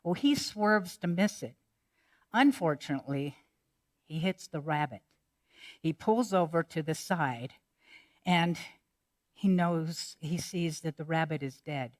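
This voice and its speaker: Woman, pastor, sermon, low voice, very slow, measured, playful at times. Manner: measured and reflective, turning playful for jokes.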